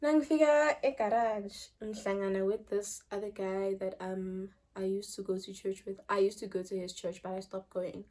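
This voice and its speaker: A young woman with a South African accent telling a personal story in casual vlog chat, switching between loud bursts and quiet trailing phrases. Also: mid-range voice, fairly even intonation, moderate pace, hardly any pauses. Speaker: vlogger.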